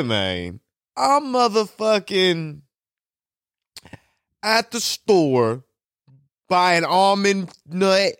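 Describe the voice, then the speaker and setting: A young man hosting a podcast, telling a story in an animated, profane, slang-heavy solo rant. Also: a little high, clean tone. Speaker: podcast host.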